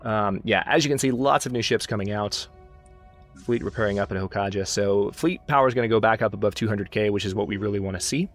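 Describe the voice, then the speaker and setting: Guy with a lowish voice chatting thru his strategy game, talks to his ships, faint music behind. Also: fast. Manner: chatty, talks to his units, self-mocking asides. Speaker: let's play host. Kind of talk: casual gameplay commentary.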